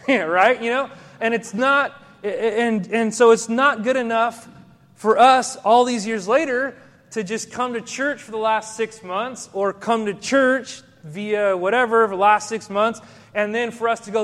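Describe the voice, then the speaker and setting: A male pastor delivers a sermon in a relaxed, conversational way, often turning to the congregation with questions. His voice sits high for a man. The sound carries the long, ringing reverb of a church hall. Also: measured pace.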